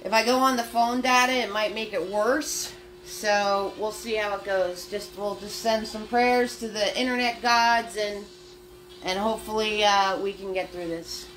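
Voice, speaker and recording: A woman's voice: medium pitch, steady tone, unhurried, fairly bright tone. A woman leading a live-streamed painting class, chatty and upbeat as she talks viewers through each step. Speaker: paint party instructor.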